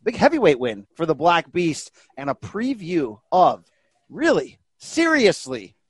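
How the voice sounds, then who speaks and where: A man's voice: on the high side, huge pitch swings, unhurried, breathy edge, no room sound. Hyped, jokey podcast host man. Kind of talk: energetic podcast chat.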